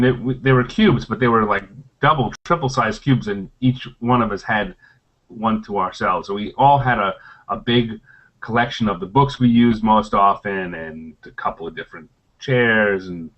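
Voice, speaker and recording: A man's voice: fairly low pitch, a bit bright, lo-fi sound. A middle-aged man, a former game designer, telling anecdotes on a convention panel in a rambling way, with many fillers and restarts.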